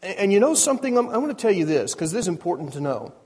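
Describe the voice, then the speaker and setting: High-voiced husky preacher in a hall. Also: male voice, very animated, racing, a little mellow. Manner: conversational, asks the audience questions, frequent restarts. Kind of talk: sermon. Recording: reverberant hall.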